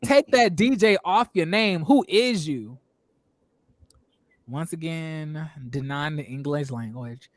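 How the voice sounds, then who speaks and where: A young man hosting a casual reality TV review show, animated and profane, laughing often and putting on voices when he quotes people. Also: a little high, takes it slowly, dry recording. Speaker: show host.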